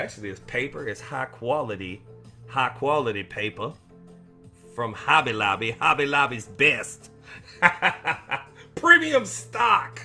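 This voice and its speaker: A man hosting a casual motivational live stream for veterans, rambling and joking in an upbeat, encouraging way. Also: on the high side. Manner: warm and encouraging toward viewers. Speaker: coach and host of a weekly live show for veterans.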